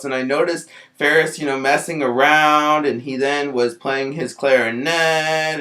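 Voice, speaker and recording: A man tells an in-character story in a loose, rambling monologue. He fills almost every pause with "you know" and restarts his sentences often. His voice has a bright, somewhat tense edge. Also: a little high. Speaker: vlogger.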